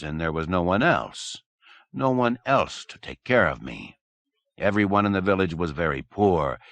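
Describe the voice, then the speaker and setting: A man voicing a slow, condescending old man with a Slovenian accent. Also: deep voice, fairly bright tone, no echo, heavily acted.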